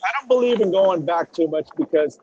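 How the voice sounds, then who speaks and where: A middle-aged man, a former drag racer, telling animated and salty stories as a podcast guest. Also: sits high, a little fast, a crowd in the background. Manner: animated, swears freely, acts out quotes. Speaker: retired drag racing driver as podcast guest. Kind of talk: casual storytelling interview. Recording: dull lo-fi audio.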